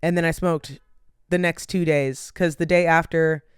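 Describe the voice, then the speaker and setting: Young woman podcast host, tired and yawning, loose rambling chat; very smooth, resonant tone, dry close sound. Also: deep voice, steady tone, moderate pace, no room sound. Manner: rambling, lots of "like" and "um". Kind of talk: casual solo chat.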